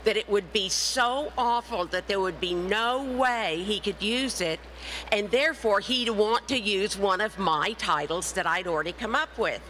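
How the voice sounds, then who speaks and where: A middle-aged woman speaking at a conference with a bright, forceful voice. She tells her story with energy and slips into the voices of the people she quotes. A faint hum of room ambience sits underneath. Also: medium pitch, a little slow, low-quality recording. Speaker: author and speaker. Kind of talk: conference talk.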